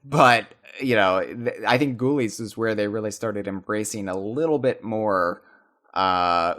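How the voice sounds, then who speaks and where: A man in casual podcast chat about video games, restarting his sentences often with animated asides. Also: on the low side, a little slow. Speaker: podcast co-host.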